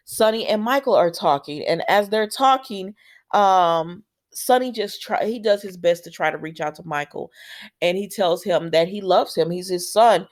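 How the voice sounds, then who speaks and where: A woman casually recapping a soap opera, retelling scenes in quoted dialogue with chatty asides. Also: medium pitch. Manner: laughs and exclaims at the characters.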